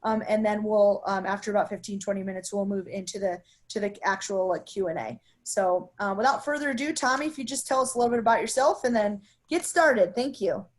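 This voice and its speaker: A woman's voice: mid-range voice, brisk, few pauses. A woman hosting a webinar, introducing the guest in a casual, hesitant way with many fillers. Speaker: webinar host.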